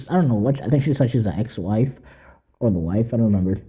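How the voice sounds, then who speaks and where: A man's voice: mid-range voice, expressive, fast, dark tone, husky. A young man hosting a podcast alone, rambling in casual, profane commentary that mocks and laughs often. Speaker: podcast host.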